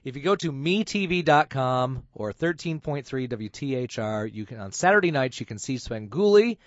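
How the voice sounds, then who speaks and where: A man's voice: medium pitch, lively intonation, moderate pace, dry recording. A middle-aged man from Michigan hosting a radio show, casual and teasing. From Flint, Michigan. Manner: jokey, teasing. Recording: dry, dull radio sound.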